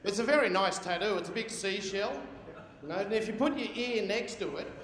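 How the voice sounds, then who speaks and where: A man's voice: high-pitched, a little fast, slight background noise. A man in his forties with an Australian accent doing a crude stand-up routine, teasing the crowd. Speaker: stand-up comedian. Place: large function hall. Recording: echoey hall, loud crowd.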